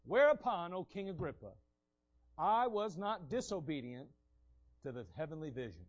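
High-voiced, animated man preaching. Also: moderate pace, highs cut off. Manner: animated storytelling, acting out the scenes. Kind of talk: sermon.

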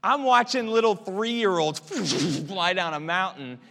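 A man preaching a sermon, swinging from hushed, quiet prayer to loud, emphatic exhortation. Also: sits high, takes it slowly, vocal fry, slight background noise. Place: church sanctuary. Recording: long church reverb.

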